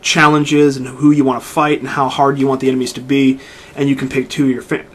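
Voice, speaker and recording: A fast-talking man with a mid-range voice co-hosts a casual podcast. He animatedly walks through a video game at length, rambling and frequently starting his sentences over.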